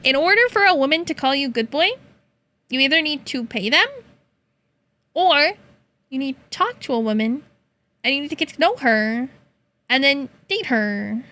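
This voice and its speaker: Bright-voiced playful young woman streamer. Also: expressive, normal speed, pauses often. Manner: playful, teasing, laughs often, meows in a high voice. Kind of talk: casual chat with chat.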